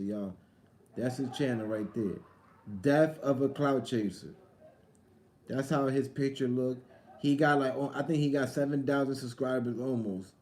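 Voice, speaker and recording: A man's voice: mid-range voice, mellow. A man hosting his own channel, chatting casually and rambling straight to his viewers, repeating himself often. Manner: rambling, repetitive, talks to viewers directly. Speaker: vlogger and channel host. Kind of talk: casual live-stream chat.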